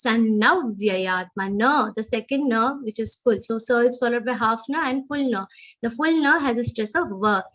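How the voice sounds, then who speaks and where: A woman with an Indian English accent teaching Sanskrit verse recitation in an online class, correcting pronunciation and chanting lines slowly. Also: a little high, fairly bright tone, highs cut off. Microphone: video call.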